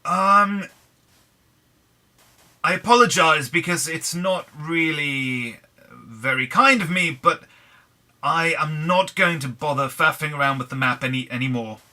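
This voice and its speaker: Bright chatty English man. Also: a little high, unhurried, pauses often. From England. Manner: chatty, wry and self-deprecating. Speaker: gaming channel host. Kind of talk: casual Minecraft commentary.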